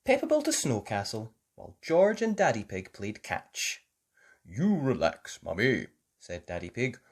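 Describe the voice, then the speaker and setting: A woman reading a children's picture book aloud in a slow, expressive way. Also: a bass voice, husky. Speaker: children's story reader. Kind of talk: storybook read-aloud.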